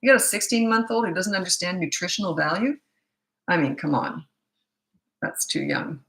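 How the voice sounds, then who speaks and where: Fielding viewer questions during a live Q&A, a middle-aged woman who works as a parenting coach responds bluntly and without a filter, frequently laughing at herself. Her voice is lowish and a bit bright, animated, and moderately paced.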